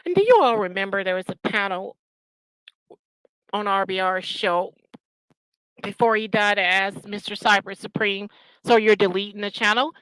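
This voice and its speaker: A woman's voice: mid-range voice, moderate pace, long pauses, fairly bright tone, clean tone, no echo, low-quality recording. Furious profane woman ranting. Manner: profane, scornful, confrontational. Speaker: channel host. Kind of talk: angry ranting commentary.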